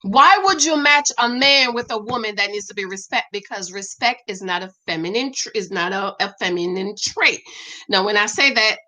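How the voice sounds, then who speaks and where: A woman's voice: medium pitch, moderate pace. A middle-aged woman chats casually about a reality show and greets her regular viewers by name. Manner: animated, talks back to viewers by name. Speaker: commentary vlogger reading viewer comments. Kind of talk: casual chat.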